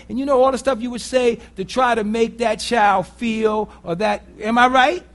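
A man with a notably high-pitched voice preaches a sermon. He speaks bluntly and casually, with earthy phrasing, and keeps checking in with the congregation through rhetorical questions. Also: moderate pace, hardly any pauses. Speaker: pastor.

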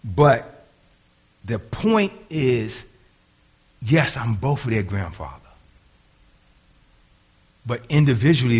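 Older man, pastor, sermon, husky voice, lively rising and falling pitch, hushed then loud. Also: slow pace, pauses often. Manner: preaching with sudden swings from hushed asides to loud, high bursts.

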